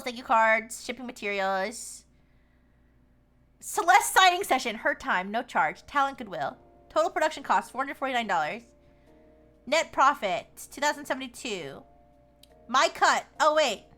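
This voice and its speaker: Her voice is high-pitched and a bit bright as this young streamer reads posts out loud on a live stream. She keeps the commentary casual, with frequent laughter and sarcastic remarks.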